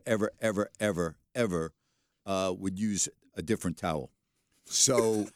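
Male sports talk host, low voice, dry studio mic, animated storyteller. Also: no room sound. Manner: animated storyteller, laughs while telling. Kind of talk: casual radio chat and storytelling. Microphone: studio microphone.

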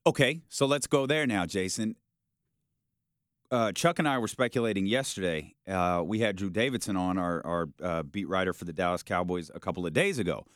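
A man hosting a sports talk show, arguing his point in a casual, animated way and acting out how people might react. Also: low voice, fairly quick, dry recording, clean studio sound. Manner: animated, argumentative, acts out quoted reactions.

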